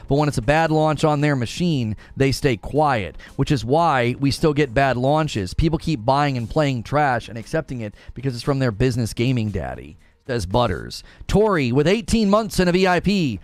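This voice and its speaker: A man in his thirties hosting a casual livestream, reading viewer messages and chatting with a playful, animated delivery. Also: moderate pace, few pauses, no echo. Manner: animated, laughs often, playfully mock-quotes people in a high voice. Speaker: livestream host.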